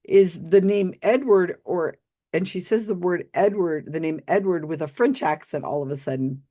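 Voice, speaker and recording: A woman's voice: fairly low pitch, normal speed, dark tone. A woman hosting skeptical commentary on a psychic reading, sarcastic and mocking, often laughing. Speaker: host reviewing a psychic reading.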